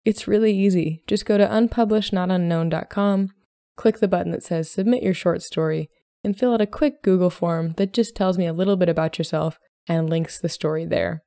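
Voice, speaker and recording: A woman podcast host narrating a short story with a measured, gentle reading. Her voice is low and mellow, recorded close and dry. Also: fairly even intonation, no room sound.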